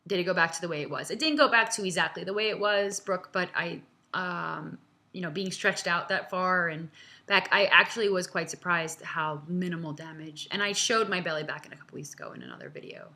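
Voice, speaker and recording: A woman's voice: lowish voice, animated, fairly quick, gravelly, bright, forceful tone. Earnest, chatty woman vlogging from home. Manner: chatty and earnest, many fillers, laughs, close to tears. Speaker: vlog host answering viewer questions. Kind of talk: casual, heartfelt direct-to-camera talk.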